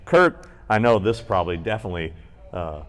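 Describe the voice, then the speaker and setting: A man's voice: low-pitched, expressive, brisk. A man co-hosting a podcast recorded live on a convention panel, telling a rambling, profane story and acting out the people in it. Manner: rambling, profane anecdotes with acted-out quotes. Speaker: podcast co-host.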